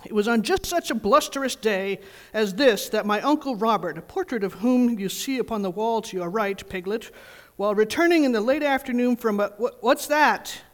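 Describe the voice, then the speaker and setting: A woman's voice: on the high side, moderate pace, natural voice. A woman voicing a pompous, long-winded old male owl who speaks stately and severely in a storybook reading. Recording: reverberant church hall.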